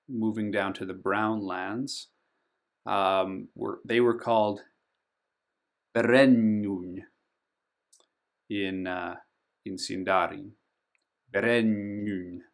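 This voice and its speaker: Slow, gravelly man teaching pronunciations. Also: lowish voice, animated. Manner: slow and careful, stretching out the names he teaches, with frequent ums; voice loudens on each name. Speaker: board game channel host. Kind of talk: pronunciation tutorial over a map.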